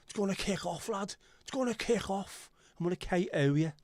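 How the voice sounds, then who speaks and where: A man's voice: high voice, normal speed, darkish tone, dry recording, pitched above the performer's own voice, close to an everyday voice. A man putting on the voice of an aggressive young Wirral lad, threatening and trying to sound hard, in a Wirral accent. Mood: menacing.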